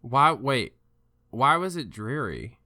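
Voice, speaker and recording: A man's voice: mid-range voice, sing-song, slow, sharp tone. A man hosting a podcast in casual chat, joking and riffing playfully. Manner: jokey, playful, riffs on others. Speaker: podcast host.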